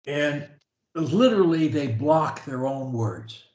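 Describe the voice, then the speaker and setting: A man's voice: fairly high pitch, expressive, takes it slowly, a little mellow, muffled recording. A man coaching a stuttering client over a video call, talking with energy and emphasis and drilling phrases for the client to repeat. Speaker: speech coach. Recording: echoey room on a video call.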